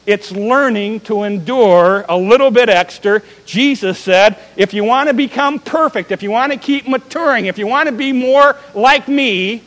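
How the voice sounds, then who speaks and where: Emphatic preacher with a high voice. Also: male voice, moderate pace, few pauses, fairly bright tone, big-room sound, low-quality recording. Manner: emphatic preaching with rising and falling volume, repeated rhetorical questions. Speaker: pastor. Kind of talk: sermon.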